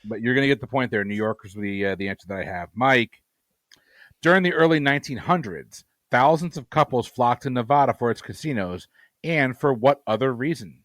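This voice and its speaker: A man in a middle pitch reads trivia questions and confirms answers. His humor is dry and teasing. The recording is dry and close, with no room echo. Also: a little fast, a bit bright. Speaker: trivia quizmaster. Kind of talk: reading trivia questions, joking.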